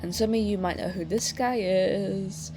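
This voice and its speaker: A young woman chatting casually at home through a sketchbook tour, rambling with many fillers and getting excitable. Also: mid-range voice, a little slow, background noise. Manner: excitable, swears in bursts. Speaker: artist showing a sketchbook.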